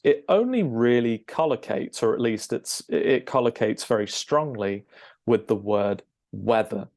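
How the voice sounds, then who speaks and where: A man, an English teacher, explaining a lesson over a shared screen, checking in with "okay?" and filling pauses with "um". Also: lowish voice. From United Kingdom. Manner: explanatory, frequent "okay?" check-ins and "um" fillers.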